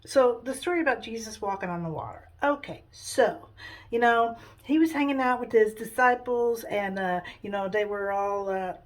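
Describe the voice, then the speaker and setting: Chatty woman with a higher voice, rambling through a comic Bible retelling. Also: moderate pace. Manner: rambling, chatty, many fillers. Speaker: storyteller.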